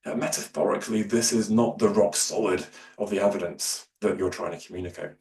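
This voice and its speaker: A man giving a workshop talk on public speaking, with many fillers and restarts, who shifts his loudness and pace. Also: on the low side, fairly even intonation, fairly quick. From Scotland. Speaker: lecturer. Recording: roomy, distant mic, faint hum.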